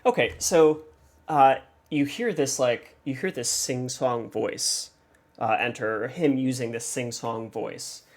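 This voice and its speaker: A man analyzing a song for his reaction video, his voice carrying a gravelly rasp. He thinks aloud at a mid pitch, pausing often and filling gaps as he works out ideas. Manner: hesitant, thinking aloud, many fillers. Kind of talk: casual music analysis.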